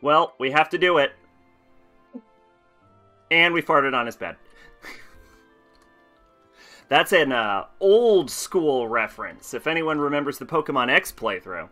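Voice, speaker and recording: A man streaming a game, chatty and rambling, with frequent laughs. His voice is fairly high and bright, with an offhand, casual delivery. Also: animated, unhurried, long pauses, soft background music. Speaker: let's play streamer.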